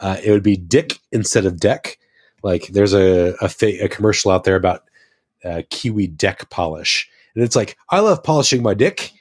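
A man's voice: low-pitched, normal speed. An American man in casual podcast chat, an enthusiastic and rambling storyteller. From United States.

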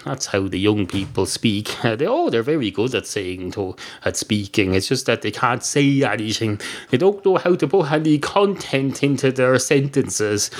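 An Irish man hosting a podcast, telling a rambling, deadpan comic monologue full of digressions. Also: medium pitch, moderate pace. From Ireland. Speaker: podcast host.

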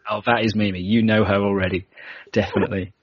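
A husky-voiced British man hosts a podcast in relaxed, jokey chat, laughing along with his guest. The recording sounds dull and lo-fi. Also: on the low side, fast, no echo. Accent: British English. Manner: chatty and jokey, laughs often. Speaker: podcast host.

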